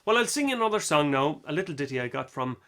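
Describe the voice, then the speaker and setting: A man from Cork with a Cork Irish accent, telling folk stories between songs in a gentle, confiding way. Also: fairly high pitch, very animated, quick pace. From Ireland, Cork. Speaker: singer and storyteller. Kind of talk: folksy storytelling between songs.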